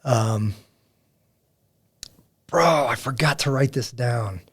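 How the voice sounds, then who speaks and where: A man hosting a casual faith podcast, telling stories in a rambling, animated way with many fillers. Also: mid-range voice, slow, slightly rough. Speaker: podcast host.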